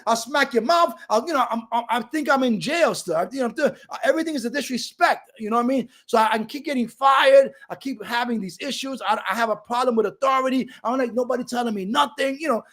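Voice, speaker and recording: A middle-aged man from Brooklyn gives an animated, streetwise recovery testimony over a video call. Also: extremely high pitch. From Brooklyn, New York. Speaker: recovery speaker.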